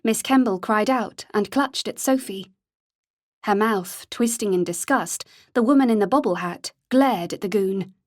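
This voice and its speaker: In a mid-range voice, a woman reads an audiobook with calm, even pacing, like a steady storyteller. The studio-quality recording has no room sound.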